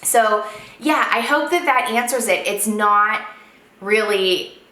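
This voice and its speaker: A woman in her thirties talks to camera from home, a food blogger answering questions in a loose, rambling way full of fillers. Her voice is bright and clear, and the room adds a noticeable echo. She sounds like someone chatting casually at home. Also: mid-range voice, takes it slowly. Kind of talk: casual vlog Q and A. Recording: roomy echo.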